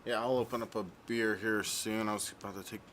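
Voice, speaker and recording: A man's voice: on the low side, level tone, fast talker, a bit bright. A man streaming a video game, chatting in a laid-back, playful way. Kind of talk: casual live-stream chat.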